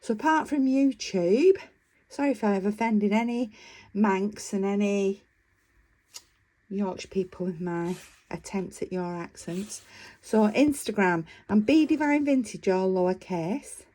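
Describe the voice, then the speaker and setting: A woman's voice: mid-range voice, unhurried, mellow. A woman vlogger chatting casually about her craft work, enthusiastic and rambling, with frequent fillers. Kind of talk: casual show-and-tell chat.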